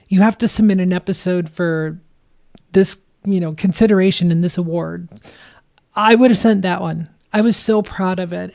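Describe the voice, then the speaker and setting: A woman's voice: lowish voice, darkish tone, dry recording. A woman from the Midwestern United States hosting her podcast solo, with a playful, theatrical and effusive delivery. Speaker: podcast host.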